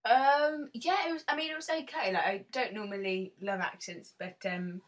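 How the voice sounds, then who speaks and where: A young woman talks through a relaxed interview at a middle pitch. She rambles, restarts and pokes fun at herself. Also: moderate pace. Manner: rambling, self-mocking, full of fillers and restarts. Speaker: actress guest. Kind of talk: casual interview chat.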